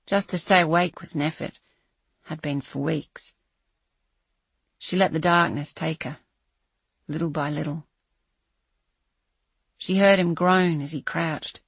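A woman narrating a thriller audiobook in a measured, dramatic reading voice with a husky edge. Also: low-pitched, fairly even intonation, dry recording. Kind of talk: scripted narration.

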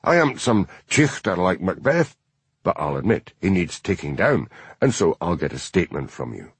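A man's voice: low voice, big pitch swings, normal speed, breathy edge, dry recording, exaggerated voice. A man voicing a bullying, hard-drinking Scottish detective chief inspector who blusters and threatens. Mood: blustering.

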